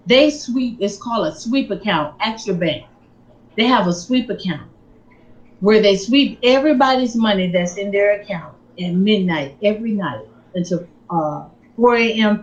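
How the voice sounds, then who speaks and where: A woman giving a sermon-style personal testimony, telling her story in an animated, emphatic way. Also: mid-range voice, dull audio. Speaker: speaker on faith and finances.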